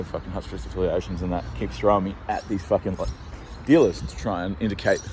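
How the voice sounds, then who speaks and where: A man's voice: fairly low pitch, darkish tone, slight background noise. Rambling young Australian man, swearing nonstop. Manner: rambling, swears constantly, fast asides. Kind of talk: rambling walking vlog. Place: outdoors on city streets.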